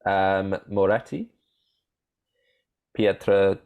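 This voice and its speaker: A man co-hosting a casual podcast, running a quiz with halting, rambling talk and frequent laughter. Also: low voice, steady tone, creaky, darkish tone, highs cut off.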